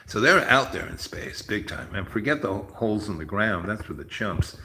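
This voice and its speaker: A man's voice: on the low side, expressive, normal speed, bright, forceful tone, echoey room, slight background noise, poor audio. A man hosting a rambling, chatty monologue and telling stories. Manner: chatty, storytelling, mimics others in raised voice. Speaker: host.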